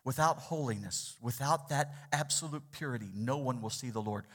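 A man preaching a sermon as pastor, asking the congregation for responses and swinging between loud, urgent lines and hushed ones. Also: medium pitch, moderate pace.

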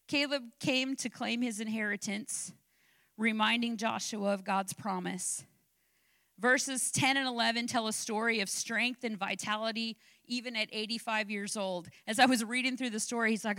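A woman's voice: on the high side, normal speed, no room sound. A middle-aged woman delivering a sermon on a podcast, mixing personal stories with impassioned encouragement. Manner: animated preaching with personal anecdotes, rising to impassioned exhortation.

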